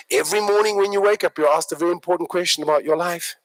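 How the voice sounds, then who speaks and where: A man giving a live motivational workshop talk, an animated, joking storyteller who addresses the audience directly. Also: high voice, fast, few pauses, low-quality recording. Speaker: workshop speaker.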